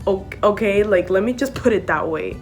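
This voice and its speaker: Young woman vlogger chatting to camera, says like and okay a lot, mixes english and spanish, soft music in the back. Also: medium pitch, animated, normal speed. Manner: switches between English and Spanish. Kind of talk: casual story-time chat to camera.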